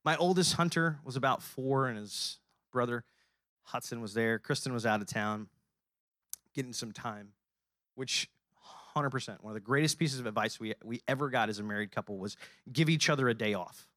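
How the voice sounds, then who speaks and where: A man giving a motivational faith talk, preaching and building up to rousing shouts. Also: medium pitch, moderate pace, no echo, clean studio sound. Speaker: speaker at a faith-based business gathering. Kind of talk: motivational sermon.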